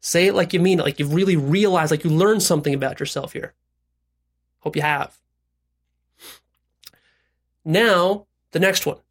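A man's voice: on the high side, normal speed, long pauses. A man hosting a self-help video, talking bluntly to the viewer and leading repeat-after-me affirmations. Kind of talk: direct-to-camera self-help talk.

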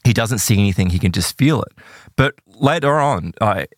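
A man telling an eerie true story in a casual podcast chat, animated and full of "right?" and "like". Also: on the low side, moderate pace, no room sound, studio quality.

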